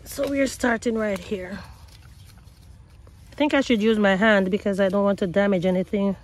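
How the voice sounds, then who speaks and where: A woman filming a casual gardening vlog outdoors beside her potato patch, talking excitedly to her viewers on her own camera. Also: medium pitch, normal speed. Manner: excitable, talks to viewers as guys. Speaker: gardening vlogger. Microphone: self-filmed camera.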